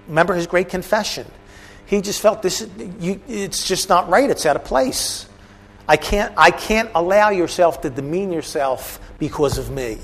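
Man teaching a bible class. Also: fairly high pitch. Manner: conversational, asides to the audience.

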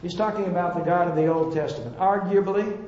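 Man, preacher, emphatic sermon, stammered restarts, mellow voice, echoey dull recording. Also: sits high, fast talker. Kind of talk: sermon Bible teaching. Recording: roomy, dull lo-fi sound.

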